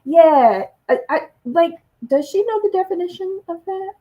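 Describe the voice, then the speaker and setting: A woman's voice: extremely high pitch, lively intonation, moderate pace, lo-fi sound. A woman co-hosting a recap show on a livestream, chatting casually and greeting viewers in the chat one by one. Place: lives abroad in Malta.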